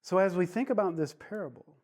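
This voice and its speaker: A man's voice: high voice, fairly quick, darkish tone. A man teaching a Bible study lesson, retelling a parable in storytelling fashion with side digressions.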